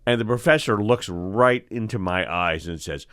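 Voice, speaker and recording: An older man from New York who hosts a show as an eye doctor, telling lively stories in casual chat and acting out the voices of the people in them. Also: lowish voice, normal speed. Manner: animated storyteller, acts out voices. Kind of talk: storytelling chat.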